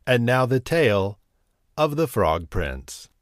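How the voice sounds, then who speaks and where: A man hosting a bedtime story channel, reading a fairy tale gently. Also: mid-range voice, big pitch swings, slow, over loud music. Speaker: storyteller host.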